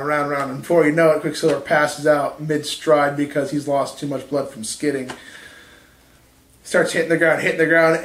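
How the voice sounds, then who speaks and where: A man's voice: fairly high pitch, a bit bright, reverberant. A man casually telling a made-up fight story, rambling and profane, laughing at his own jokes. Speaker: podcast co-host.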